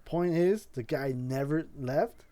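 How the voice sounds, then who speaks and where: A man's voice: on the high side, slow pace, dark tone. A man hosting a casual podcast, telling a rambling story with lots of swearing and restarts. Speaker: podcast host.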